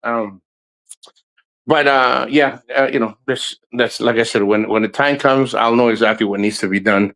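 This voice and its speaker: A man's voice: mid-range voice, steady tone, normal speed, gravelly, a bit bright. Man, casual vlog chat, rambling, swears a lot, outdoors by the water, phone mic. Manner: meandering, swears often, many fillers and restarts. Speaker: vlogger livestreaming. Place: outdoors near the water in the Philippines.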